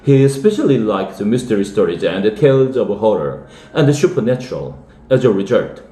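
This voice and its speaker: A man from South Korea, an English teacher, reading a children's novel aloud in a steady way. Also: on the low side, brisk, echoey room. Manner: steady read-aloud with lively dialogue.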